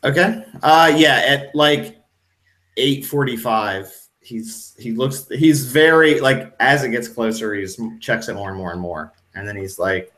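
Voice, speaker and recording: A man narrating as game master of a tabletop role-playing game, relaxed and joking. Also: medium pitch, unhurried, echoey room.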